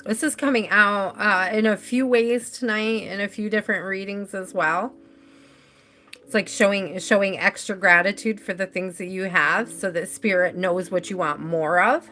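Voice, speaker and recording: A woman's voice: mid-range voice, steady tone, normal speed, pushed and bright. A woman giving a live tarot reading in a chatty, rambling way, laughing easily as she talks. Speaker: tarot reader.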